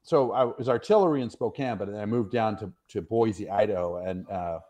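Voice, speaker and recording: A middle-aged man from the northwestern United States sits for a casual interview and spins long, meandering stories. His voice sits slightly low. He talks in a relaxed, rambling way, full of fillers and quick apologies for going on. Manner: rambling, chatty, self-deprecating, many fillers. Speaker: interview guest, retired soldier.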